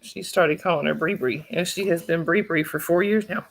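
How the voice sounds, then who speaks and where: Southern woman host, low gravelly voice, chatty, laughs easily, phone mic at home. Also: moderate pace. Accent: Southern US (North Georgia). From North Georgia, USA. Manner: chatty, laughs often, talks to her pets and child. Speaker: livestream host. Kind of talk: casual chat.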